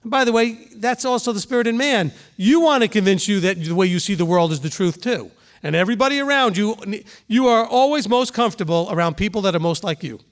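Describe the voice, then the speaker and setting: A man with a notably high voice gives a sermon to his congregation in an easy, talking style. He stops now and then to check the room understands and throws in quick spoken examples. He sounds middle-aged and unhurried. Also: expressive. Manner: conversational preaching, asks the room questions, voices quick examples. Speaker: rabbi teaching a congregation.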